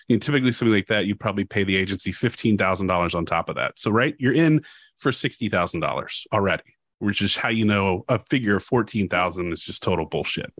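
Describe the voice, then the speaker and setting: A man's voice: on the low side, fairly bright tone. A man hosting a podcast, recounting a story in frank, conversational chat. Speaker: podcast host. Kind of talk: casual chat.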